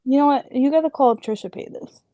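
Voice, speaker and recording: A woman's voice: high voice, fast, phone-quality sound. A young woman co-hosting a podcast, bubbly and chatty in casual conversation. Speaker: podcast co-host. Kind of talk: casual chat.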